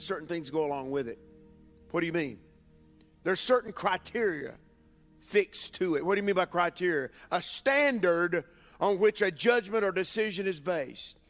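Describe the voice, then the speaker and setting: A man preaching as a bishop, with emphatic call-and-response phrasing and drawn-out lines. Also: high-pitched, in a large hall. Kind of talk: sermon. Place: church sanctuary with congregation.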